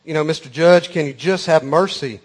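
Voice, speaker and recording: A man voicing a meek, tearful young woman who pleads softly with a judge. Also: on the high side, moderate pace, natural voice. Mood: pleading.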